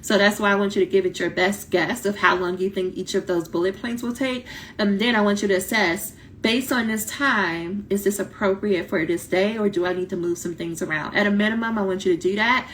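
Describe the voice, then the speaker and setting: A woman coaching doctoral students in a casual live talk, blunt and lively, acting out quoted voices, her voice starting to tire. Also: mid-range voice, a little fast, slight background noise. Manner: animated, blunt, talks directly to viewers, acts out quoted voices. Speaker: dissertation coach.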